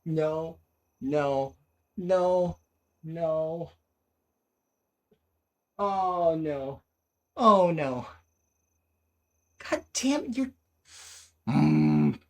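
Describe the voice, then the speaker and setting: A young woman streamer giving casual gameplay commentary at her home desk, swearing a lot and turning panicky and excitable. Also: deep voice, very slow, vocal fry, pauses often. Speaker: gaming streamer.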